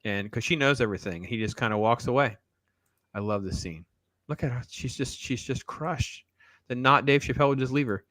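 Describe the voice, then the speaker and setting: Bright-voiced sarcastic male stream host. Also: medium pitch, fairly quick, no room sound. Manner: animated, sarcastic riffing to viewers. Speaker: show host. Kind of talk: casual reaction-stream commentary.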